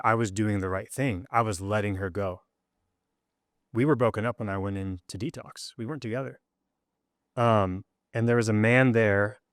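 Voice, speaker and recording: Low-voiced man telling a raw personal story. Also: dry recording, clean studio sound. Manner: emotional, acts out quoted dialogue with rising pitch. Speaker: guest, rock drummer. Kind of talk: candid interview storytelling.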